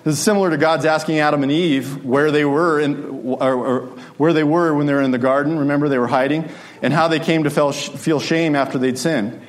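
A man's voice: fairly high pitch, fairly even intonation, a little fast. A man preaching a sermon in a conversational way, often asking his listeners rhetorical questions.

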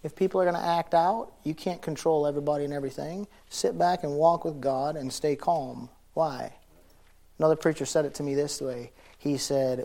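A middle-aged male pastor preaching in a conversational way, his voice a bit higher than most men's. He swings from loud, punchy emphasis down to hushed, intense lines and laughs easily along the way. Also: steady tone, normal speed, creaky. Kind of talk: sermon.

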